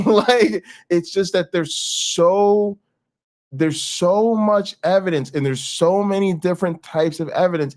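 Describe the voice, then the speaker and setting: A man's voice: fairly high pitch, darkish tone. A man hosting a casual commentary, blunt, profane and emphatic as he reacts to clips.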